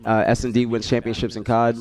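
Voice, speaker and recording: A man's voice: medium pitch, quick pace. A man hosting a watch-party stream, chatting loosely and answering his chat by name, his voice congested from a cold. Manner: relaxed, rambling, talks to chat by name. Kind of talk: casual stream chat reading chat messages.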